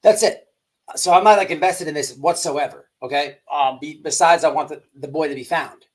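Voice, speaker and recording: A man's voice: fairly high pitch, moderate pace. A man hosting a livestream commentary show, rambling and emphatic with many restarts. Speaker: host.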